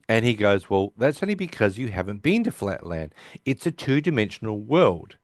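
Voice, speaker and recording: Here a podcast co-host with a fairly low, very animated voice recaps an episode at a moderate pace, reciting what the characters said. His talk is rambling and full of restarts, recorded cleanly in a studio with no echo.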